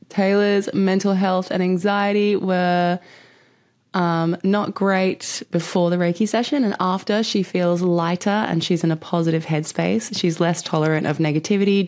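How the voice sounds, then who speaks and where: A young woman hosting a podcast, telling a story in a chatty, excitable way, full of fillers and casual swearing. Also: lowish voice. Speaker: podcast host and Reiki practitioner.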